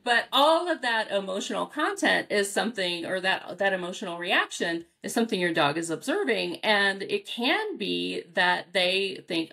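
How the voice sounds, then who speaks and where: An American woman, a dog trainer, answering interview questions in a casual, animated way, acting out reactions with big jumps in pitch and laughing often. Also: normal speed, creaky, hardly any pauses. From United States. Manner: frequent fillers and restarts, laughs often.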